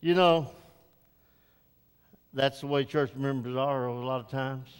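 A man's voice: medium pitch, steady tone, slow, clean tone. An older man preaching a folksy, rambling sermon in a church, building to emphatic exhortation. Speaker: pastor. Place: church sanctuary. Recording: reverberant church hall.

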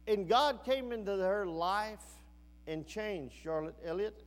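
A man preaching a sermon to a church congregation, rising and falling in pitch and slowing down to stress his points. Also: fairly bright tone. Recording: long hall reverb.

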